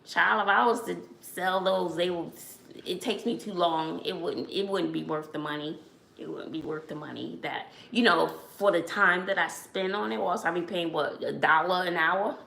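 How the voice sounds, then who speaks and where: A woman from Brooklyn, hosting a casual livestream chat and telling lively stories with frequent laughs. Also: lowish voice, normal speed, vocal fry, reverberant, a little hiss or hum. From Brooklyn, New York. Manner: animated storyteller, laughs often, says "child". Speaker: channel host.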